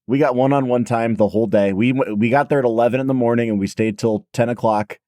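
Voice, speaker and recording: A man in his thirties co-hosting a podcast in casual chat, his voice hoarse and raspy, telling stories in a chatty, self-deprecating way. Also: medium pitch, steady tone, fast talker, dark tone, no echo. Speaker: podcast co-host.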